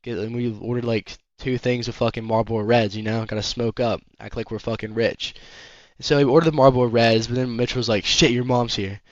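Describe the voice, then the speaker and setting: A man's voice: medium pitch, fairly even intonation, a little fast, no echo, muffled recording. A young man telling a rambling storytime story in casual chat, filled with "like" and swearing. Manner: rambling, heavy swearing, lots of "like". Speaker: vlogger.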